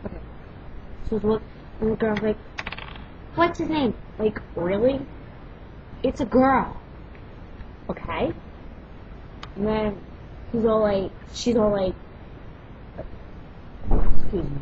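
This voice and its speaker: A young woman vlogging casually, loud and brash, swearing freely and rambling through quick stories. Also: medium pitch. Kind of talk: casual chat and storytelling. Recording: lo-fi home recording with background noise.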